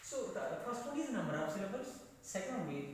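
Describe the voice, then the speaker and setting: A man giving a slow, halting classroom lecture, repeating himself as he goes. His voice sits high and swings widely in pitch. He is picked up from a distance in a reverberant room with faint ambient noise behind him. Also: sing-song. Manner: slow, repeats phrases, many hesitations. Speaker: English teacher. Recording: echoey classroom, mic far off.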